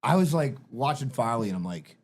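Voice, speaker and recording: A middle-aged man on a podcast telling animated, profane stories among friends. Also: mid-range voice, brisk. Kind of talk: casual chat.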